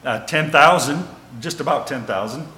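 A man's voice: mid-range voice, normal speed, sharp tone. A man giving an informal Bible teaching, reading scripture and retelling it in everyday words, with frequent fillers and restarts. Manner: reads scripture aloud, then retells it in plain everyday words.

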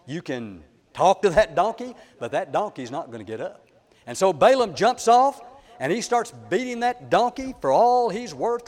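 A man's voice: on the high side, in a large hall. A man preaching a sermon, telling a story in a dramatic, folksy way to the congregation.

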